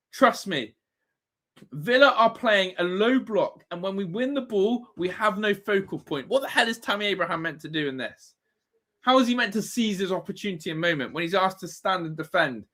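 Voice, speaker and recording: Man, high voice, exasperated live football ranting, swearing. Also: animated, normal speed, pushed and bright. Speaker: fan channel host. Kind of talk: live football watch-along commentary.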